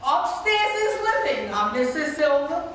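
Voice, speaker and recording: A woman's voice: sits high, measured pace, noisy background. A woman playing a rambling old neighbor lady. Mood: droll. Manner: meandering deadpan storytelling, broken grammar. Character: chatty older woman neighbor, rambling and droll. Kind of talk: amateur stage sketch. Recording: echoey stage recording from far off.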